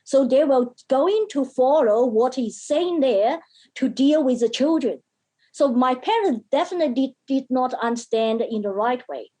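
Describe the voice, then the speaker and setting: A woman speaking as an interview guest, telling a personal story in halting phrases with many fillers and acting out the lines of the people in it. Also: high voice, animated, dark tone, low-quality recording. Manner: emphatic, acts out quoted speech. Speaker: podcast guest, mental health educator.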